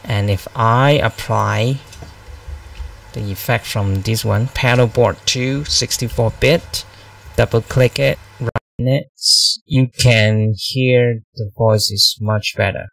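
A man casually talking through his audio software settings in a screen-recorded demo, plainly and unhurriedly, with small self-corrections. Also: mid-range voice, fairly even intonation, takes it slowly, creaky, far from the mic, rough recording. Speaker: tech tutorial maker.

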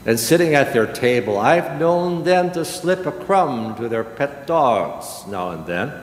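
Slow-preaching older man in an echoey church. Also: medium pitch, big pitch swings, slight background noise. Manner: slow, emphatic preaching with dramatic pauses. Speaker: pastor. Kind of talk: sermon. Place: church sanctuary. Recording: echoey church hall with long reverb.

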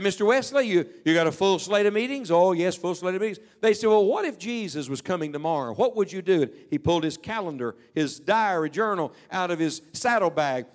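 A middle-aged man delivers a sermon from the pulpit. His voice sits somewhat high for a man. He moves through stories and often drops to a hushed tone when quoting others. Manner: storytelling preaching, quoting people in hushed tones. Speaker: preacher.

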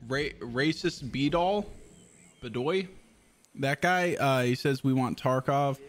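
A man's voice: medium pitch, slow, slight background noise. A man streaming a video game, chatting casually, swearing freely and laughing often. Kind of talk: casual live-stream chat.

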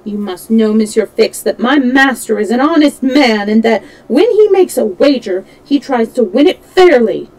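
A woman voicing an excitable, tipsy male French manservant who speaks indignantly and with emphasis. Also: a little high, moderate pace, close to an everyday voice, poor audio. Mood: emphatic. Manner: indignant, exclaiming.

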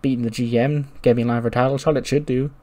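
A man playing an ambitious woman wrestler who brags about winning more belts. She speaks slowly and with total self-assurance. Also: mid-range voice, steady tone, mellow, natural voice. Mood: confident. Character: confident female wrestler, ambitious and boastful.

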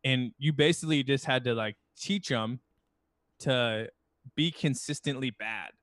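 A man's voice: medium pitch, unhurried, fairly bright tone, dry recording, studio quality. A man co-hosting a comedy podcast who talks in a laid-back way and explains things with examples. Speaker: podcast co-host. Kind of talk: casual comedy podcast chat.

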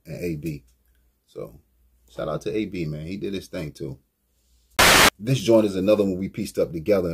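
Male rapper, mellow and deep-toned, raspy voice, casual slangy album commentary. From Virginia, US. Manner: laid-back, slangy, rambling. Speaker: rapper and brand owner.

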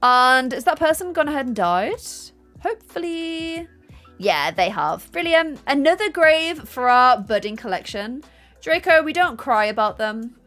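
A woman's voice: high voice, big pitch swings, unhurried, a bit bright, faint music behind. A woman live-streaming a game, chatting and gushing thanks to her chat. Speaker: gaming streamer.

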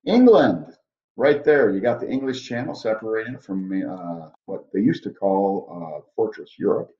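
A man's voice: on the low side, lively intonation, moderate pace, warm tone. A man teaching a history lesson, leading a map walkthrough with a joking manner. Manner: jokey, leads a map walkthrough. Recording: echoey room, dull lo-fi sound.

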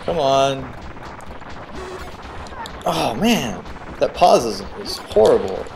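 A man giving casual, excitable commentary while playing a video game, cheering on the character and guessing at the boss's moves. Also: mid-range voice, slow pace, creaky, background noise. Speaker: let's play host.

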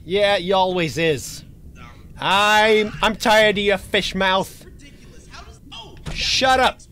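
A man playing a horror game for his channel, joking and taunting the monster he's hiding from, with sudden yells and laughs. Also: sits high, slow pace, soft background music. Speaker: gaming channel host. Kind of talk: let's play commentary.

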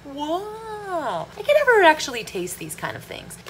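A woman's voice: high-pitched, wildly swooping pitch, unhurried, fairly bright tone, roomy sound, slight background noise, low-quality recording. A woman in her thirties vlogging casually from her home kitchen, chatty and jokey, slipping into silly sung bits. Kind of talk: casual vlog chat. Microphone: camera on a tripod.

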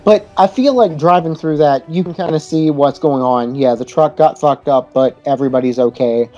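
A woman co-hosting a movie podcast, frank and opinionated, swearing as she gives her takes. Her voice is fairly low and mellow, and the recording sounds dull and lo-fi. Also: normal speed, soft background music. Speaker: podcast co-host. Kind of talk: casual movie-review chat.

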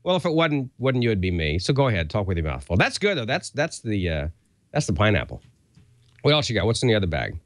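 A man's voice: lowish voice, sing-song, fast, a bit bright, no room sound. A middle-aged man co-hosting a show, doing a jokey, self-mocking ad read in casual talk. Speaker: co-host reading an ad.

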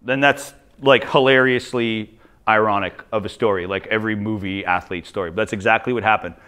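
A man from Ontario, a teacher telling jokey, animated stories in a conference talk. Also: fairly low pitch, brisk, clean tone. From Ontario, Canada. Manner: animated, jokey, acts out quoted voices. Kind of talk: humorous storytelling presentation.

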